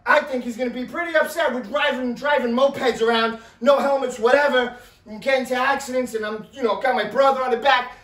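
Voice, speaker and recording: A man telling a story in a casual, animated way, with loud bursts and a habit of asking "right?". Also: extremely high pitch, a little fast. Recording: roomy, mic at a distance.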